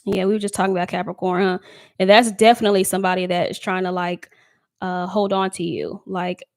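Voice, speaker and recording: A woman's voice: on the low side, flat delivery, fairly quick. A woman giving a casual live tarot love reading, talking loosely to her viewers, reading out their comments and laughing often. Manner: chatty, reads chat comments aloud, laughs often. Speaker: tarot reader.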